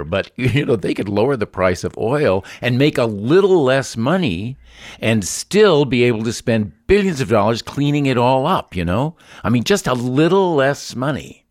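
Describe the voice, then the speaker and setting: A man's voice: medium pitch, sing-song, a little slow, darkish tone, no room sound, clean studio sound. A man co-hosting a talk radio show, chiming in with short reactions and rambling opinions that trail off. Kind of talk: casual talk radio banter.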